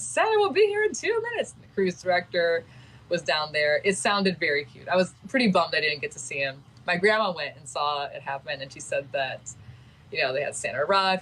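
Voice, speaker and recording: A woman chatting on a casual livestream with a slightly low voice, gushing and sentimental as she goes. She talks straight to her viewers in a loose, unscripted way. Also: a bit bright, a little hiss or hum, rough recording.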